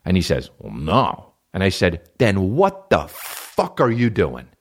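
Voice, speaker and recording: A man's voice: deep voice, a little slow, husky. A male podcast host ranting through a comedic story, swearing often and acting out the other people's lines. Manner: animated storytelling, profane, acts out voices of others. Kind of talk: solo comedic podcast rant.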